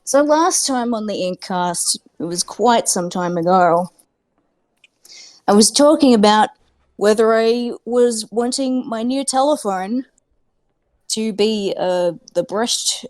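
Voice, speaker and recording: A woman's voice: mid-range voice, a little mellow. A woman playing a tabletop game on a podcast, chatting casually from home in a rambling, self-mocking way with lots of fillers. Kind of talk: casual chat. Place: at home with cats nearby.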